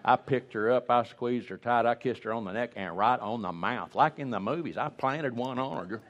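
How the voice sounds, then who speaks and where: A man's voice: mid-range voice, normal speed, highs cut off, a faint crowd. Folksy joking older male preacher. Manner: folksy, joking, rambling with restarts. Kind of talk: humorous storytelling sermon.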